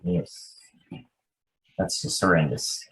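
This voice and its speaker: A man's voice: low voice, huge pitch swings, slow, vocal fry, a bit bright. Laid-back Australian man, echoey room. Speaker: co-host. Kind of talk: casual chat.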